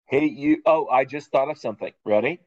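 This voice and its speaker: A man's voice: mid-range voice, fairly quick, lo-fi sound. A man co-hosting a podcast, chatting casually and telling rambling, joking stories. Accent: Boston. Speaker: podcast co-host. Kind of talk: casual chat.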